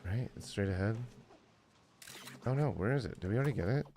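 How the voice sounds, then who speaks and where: Man, 40s, game streamer, tired, lowish voice, loose rambling chat. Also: animated, a little fast, dark tone, a little hiss or hum. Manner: rambling, many fillers, chuckling often. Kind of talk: casual gaming livestream chat.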